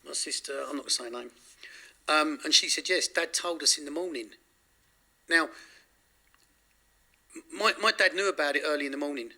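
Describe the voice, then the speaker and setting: A man with a strikingly bright, forceful voice recounts events to an interviewer. He talks in a candid, rambling way, stopping and correcting himself often. His pitch sits a little higher than most men's. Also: normal speed, pauses often. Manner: rambling, self-correcting, frequent restarts. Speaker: interview guest.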